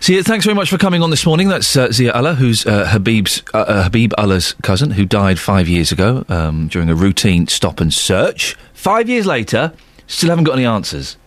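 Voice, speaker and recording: A man's voice: lowish voice, brisk, few pauses, dry recording. A male radio host interviewing a guest and reading statements, cutting in carefully. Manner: interjecting, careful, lively delivery.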